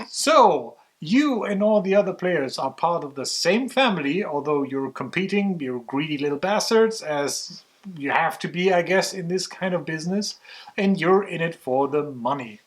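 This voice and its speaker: A man's voice: on the high side, lively intonation, normal speed. A man co-hosting a board game vlog who explains the rules with dry, wry humor. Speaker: co-host.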